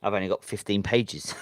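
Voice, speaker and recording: A man's voice: deep voice, no room sound. A man hosting a late-night livestream, reading viewer chat and thinking aloud in a hesitant, rambling way with lots of ums. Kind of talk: casual live-stream chat. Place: home at midnight.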